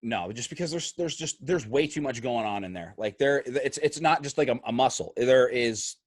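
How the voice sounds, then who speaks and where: A man hosting a casual podcast, his voice swinging high and low as he tells a wild story with plenty of swearing. The sound is dry and close, with no room echo. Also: moderate pace. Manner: lively, swears freely, acts out quotes. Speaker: podcast host. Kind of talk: casual chat, animated storytelling.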